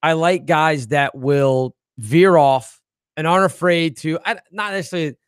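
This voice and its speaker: Man, podcast host, casual chat, high voice, lively storytelling, dry close mic. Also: moderate pace, clear, resonant tone, dry recording. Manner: animated storyteller, acts out voices in quotes.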